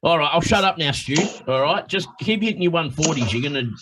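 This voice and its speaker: A man co-commentating live darts, excitable and teasing, with blunt swearing. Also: fairly high pitch, fast, noisy background.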